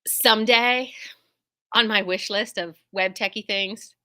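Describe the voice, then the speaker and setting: The host, a middle-aged quilt shop owner, talks with viewers in a mid-range voice at a measured pace. Her chatter is casual and full of tangents, self-deprecating humor, and lively asides.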